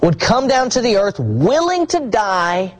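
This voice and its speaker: A man preaching a sermon, swinging between hushed asides and rising, emphatic repetition. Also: high-pitched, big pitch swings, a little slow, poor audio.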